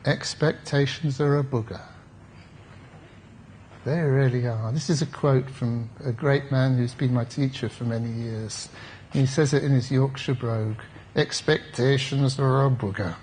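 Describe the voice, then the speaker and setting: A man's voice: mid-range voice, steady tone, a little slow, mellow, slight background noise. A man, a therapist, giving a conference talk in a reflective, conversational way with wry asides to the audience. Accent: British English.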